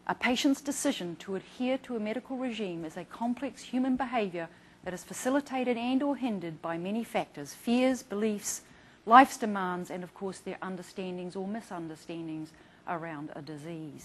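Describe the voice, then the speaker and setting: With a medium pitch and normal speed, a middle-aged woman doctor presents an earnest instructional talk on caring for patients to an audience of patients and providers. She tells cases and acts out patient quotes, though the poor audio carries a little hiss or hum.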